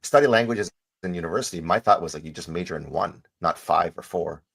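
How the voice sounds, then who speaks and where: A man's voice: sits low, creaky, fairly bright tone, slightly rough. A man hosting an interview podcast, chatting casually and often restarting his words as he tells a story. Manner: halting, repeats words while telling a story. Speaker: podcast host.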